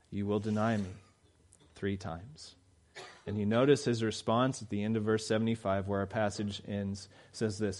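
A man preaching a sermon in a conversational way, with quick laughs and loud emphatic peaks. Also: mid-range voice. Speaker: pastor.

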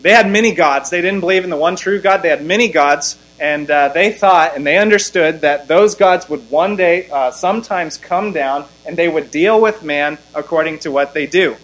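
A man's voice: fairly bright tone, low-quality recording. A man preaching an expository sermon, reading scripture aloud and pressing his points with rising force. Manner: emphatic, rising in pitch and volume on key lines, slowing to stress scripture.

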